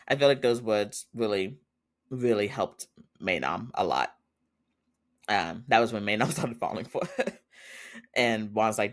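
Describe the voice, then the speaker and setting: A man's voice: fairly low pitch, normal speed, long pauses. A man hosting a podcast, casually recapping a TV episode in a chatty way and laughing often as he retells it. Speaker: podcast host.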